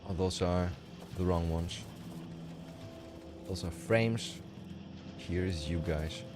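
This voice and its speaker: Slow and low-pitched, this man rambles through casual talk while streaming a game, sharing strong opinions and frequently starting over. Loud music and background noise accompany him.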